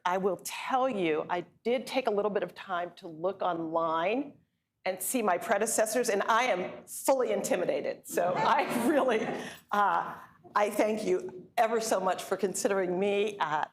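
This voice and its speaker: A woman's voice: mid-range voice, slight background noise. A woman law school dean giving a public lecture, gracious and lightly self-deprecating, speaking to an audience. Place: university event hall.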